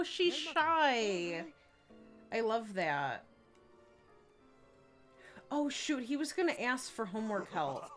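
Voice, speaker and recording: This is a young woman on a life-sim game stream, chatty and casual, reading her viewers' messages aloud amid plenty of fillers and giggles. Her voice sits on the low side and is a bit bright.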